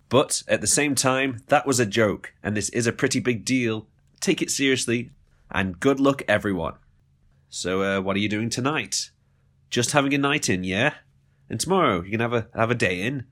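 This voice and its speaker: A man hosting a podcast, delivering a comedic monologue with mock-dramatic swings and deadpan asides. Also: medium pitch. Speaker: podcast host.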